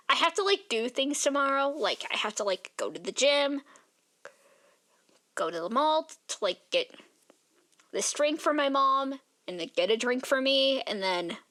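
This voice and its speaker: A woman's voice: on the high side, fairly bright tone. A tired young woman chatting casually in a vlog, rambling and filling her talk with "like" as she yawns. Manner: rambling, filler-heavy, says "like" constantly. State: tired, yawning. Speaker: art vlogger.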